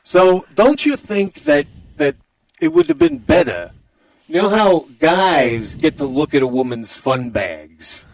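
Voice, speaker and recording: A man's voice: high-pitched, sing-song, slow, exaggerated voice. A man voicing a crude, boastful hybrid villain of a president and a masked comic-book brute, in comedy podcast improv. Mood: crude boasting. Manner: lewd, bragging, gravelly put-on villain drawl.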